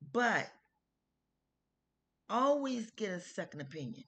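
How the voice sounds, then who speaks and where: A middle-aged vlogger tells a heartfelt personal story. The delivery is loose and conversational, with restarts and informal grammar. The pitch sits in an ordinary middle range. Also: big pitch swings, a little slow, long pauses, a bit bright. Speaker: health video host. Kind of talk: casual personal testimony.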